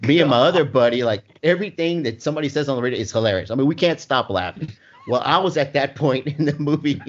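A man's voice: mid-range voice, lively intonation, fast. A man telling a long funny story in casual chat, laughing often as he goes. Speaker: storyteller guest. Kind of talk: casual anecdote. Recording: dull lo-fi sound.

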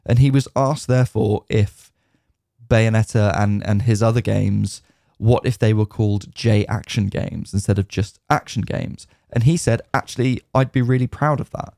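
A man with a low, gravelly and mellow voice co-hosts a casual gaming chat. He relays news and anecdotes at length with plenty of fillers. The sound is close and dry. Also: moderate pace, no room sound. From United Kingdom. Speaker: podcast co-host.

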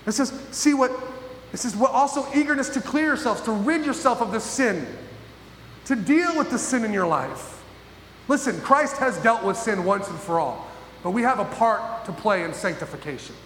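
A man preaching a sermon as pastor, emphatic and full of pauses, often asking his listeners questions. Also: high-pitched, animated, a bit bright. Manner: emphatic, pausing, asks the audience questions. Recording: echoey hall with faint noise.

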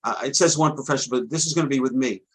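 A middle-aged man, a trading coach, giving a rambling sales pitch for his course and often stammering and restarting. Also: rapid-fire, slightly rough, rough recording.

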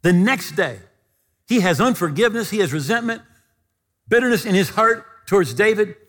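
Animated preacher in an echoing hall. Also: male voice, sits high, moderate pace. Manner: animated, acts out quoted voices in his stories. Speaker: pastor. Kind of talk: sermon with storytelling. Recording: long reverb of a large hall.

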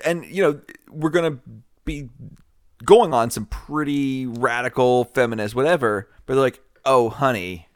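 A man's voice: mid-range voice, moderate pace, no room sound, studio quality. A man co-hosting a casual podcast chat, joking and laughing often as he recaps a TV show. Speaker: podcast co-host.

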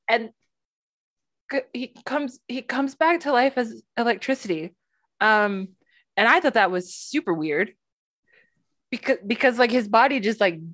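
A woman's voice: a little high, fairly bright tone, no echo, studio quality. A woman co-hosting a podcast, chatting casually with many fillers and laughs. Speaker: podcast co-host. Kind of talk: casual chat.

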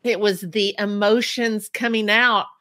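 A woman's voice: mid-range voice, fairly even intonation, unhurried, fairly bright tone, no room sound, studio quality. A woman hosting a podcast, chatting casually with a guest and laughing often. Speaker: podcast host.

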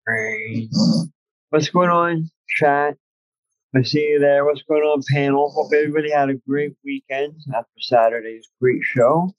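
A man chatting as a guest on a livestream panel, relaxed and laid-back, over a video call. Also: on the high side, moderate pace, dry recording. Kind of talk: casual livestream chat. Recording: dull lo-fi call audio.

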